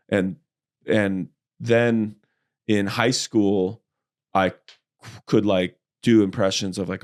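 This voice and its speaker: A man, a comedian guest, in casual chat, telling animated stories and slipping into voices. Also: deep voice. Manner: animated storyteller, slips easily into voices.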